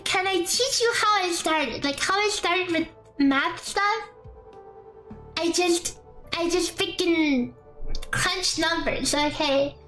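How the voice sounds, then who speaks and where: A woman with a high, bright voice talks slowly through a game calculator on a casual live stream. She rambles in a chatty way, tossing in playful asides. Soft background music plays under her. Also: low-quality recording. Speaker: streamer explaining a damage calculator. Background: faint background music.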